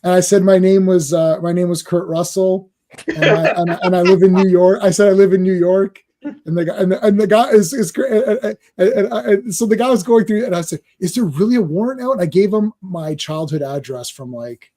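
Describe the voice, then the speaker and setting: A man's voice: sits high, a little fast, mellow. A man on a live panel chat telling a story and acting out both sides of a phone call. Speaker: panel guest. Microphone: home mic on a video call.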